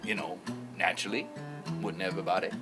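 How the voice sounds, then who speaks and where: Man as a bragging cousin, bright tone, hesitant bragging. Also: low-pitched, level tone, fast, soft background music. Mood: boastful. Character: boastful male distant cousin, vain. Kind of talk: mockumentary interview acting.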